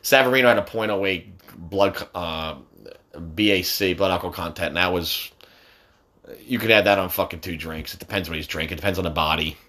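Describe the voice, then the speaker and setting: A man in his forties chatting about sports with his son, profane and quick to yell. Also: low-pitched. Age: 40s. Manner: loud, profane, jumps to sudden yelling.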